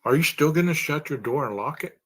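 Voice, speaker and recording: A man's voice: on the high side, animated, fairly quick, a bit bright. A man hosting a true-crime podcast. He reasons aloud and poses long strings of rhetorical questions. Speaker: podcast host.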